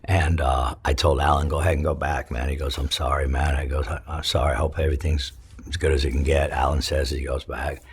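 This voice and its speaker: Man, middle-aged, very low gravelly-husky voice, from California, emotional halting storytelling, lots of swearing. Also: level tone. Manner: profane, halting, with many restarts. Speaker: interview guest, former prisoner.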